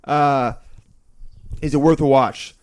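A young man co-hosting a casual podcast, loud and joking, laughing often. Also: medium pitch, fairly even intonation, slow. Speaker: podcast co-host and comedian.

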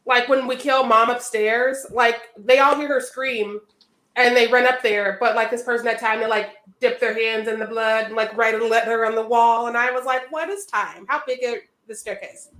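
A woman co-hosts a casual film chat, wry and laughing often as she acts out lines from the movie. Her voice sits a touch high, and the room around her rings with echo. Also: fairly even intonation, normal speed, a bit bright. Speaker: podcast co-host.

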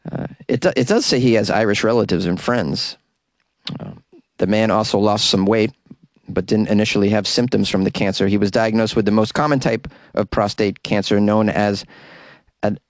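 A man with a lowish voice hosts a comedy news podcast from a closet, reading with wry asides and stumbling over hard words. The recording is dry.

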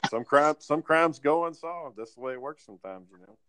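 A man's voice: a little high, fairly quick, background noise. Profane rambling male podcast host. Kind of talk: casual storytelling chat.

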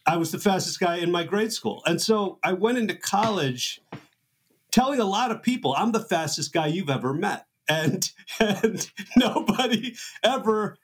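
Podcast host, male, slightly high voice, rambling and self-mocking. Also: animated, moderate pace, husky. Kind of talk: casual chat.

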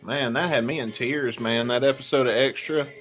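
A man's voice: mid-range voice, fairly even intonation, moderate pace, a bit bright, soft background music, rough recording. A man co-hosting a podcast in casual chat, with loose, profane, laughing banter over a video call. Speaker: podcast co-host.

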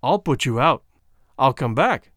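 Male narrator doing a blunt, commanding frontier man, lively pitch, dry sound. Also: unhurried, no echo. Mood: grim. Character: grim, forceful man defending a sick woman.

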